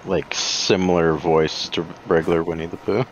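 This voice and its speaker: A man's voice: low voice, level tone, moderate pace, a crowd in the background. A young man guesting on a podcast, chatting in a laid-back, playful way. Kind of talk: casual chat. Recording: dull lo-fi sound with faint hiss.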